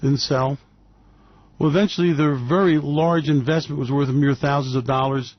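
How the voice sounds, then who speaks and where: An older man talks in a rambling radio monologue, stopping often on fillers before he lands a blunt point. His voice sits a bit high for a man. The sound is dry and slightly dull, with no room around it. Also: steady tone, normal speed, no echo. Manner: blunt, hesitant with many fillers, storytelling. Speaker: radio show host.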